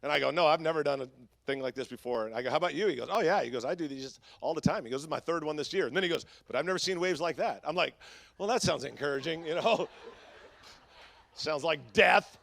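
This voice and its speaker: High-pitched, bright-voiced preacher man. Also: rapid-fire, vocal fry, dry recording. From Southern California. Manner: swings from shouting to hushed, conversational with fillers. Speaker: pastor. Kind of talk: sermon.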